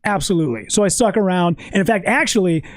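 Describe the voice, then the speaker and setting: A man telling a story in a casual podcast chat, animated and swearing often. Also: sits high, quick pace, no echo. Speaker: podcast guest.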